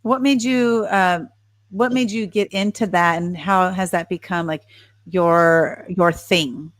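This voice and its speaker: A woman's voice: on the low side, takes it slowly, no room sound. A woman hosting a video-call show, asking guests questions in an upbeat, casual, encouraging way. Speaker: show host. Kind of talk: interviewing guests.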